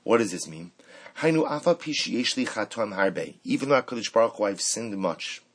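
Man, Torah lesson, husky, animated, rhetorical questions. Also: on the low side, brisk, poor audio. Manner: animated, rhetorical questions, Hebrew quotes woven in. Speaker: rabbi teaching Torah. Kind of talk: Torah class on the weekly portion.

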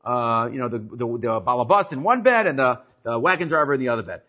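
A man's voice: mid-range voice, fast. A man teaching a casual religious class, telling stories animatedly and often restarting his sentences. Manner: animated storyteller with frequent restarts. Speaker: Torah teacher. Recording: muffled lo-fi recording.

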